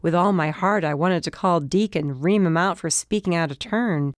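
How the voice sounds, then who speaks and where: A woman giving first-person audiobook narration, lively and rising in pitch when the dialogue turns heated. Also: moderate pace, no echo, clean studio sound.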